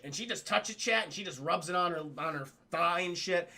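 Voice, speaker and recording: A man streaming a loose, profane scene-by-scene film recap, talking straight to his chat. His voice sits high and bright, with a gravelly fry running through it. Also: brisk. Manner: profane, rambling, addresses chat. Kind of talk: casual livestream film recap.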